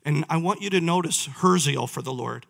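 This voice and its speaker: A man's voice: on the high side, normal speed, vocal fry, a bit bright. A man preaching a sermon, reading scripture aloud and putting questions to his listeners. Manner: reads verses aloud, asks the listeners questions.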